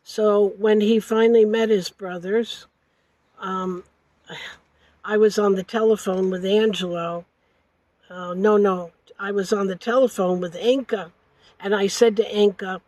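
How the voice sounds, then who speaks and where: An older woman recounting a family story in an interview, halting and correcting herself as she goes. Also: medium pitch, steady tone, darkish tone, dry recording, rough recording. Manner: halting, with frequent hesitations and self-corrections.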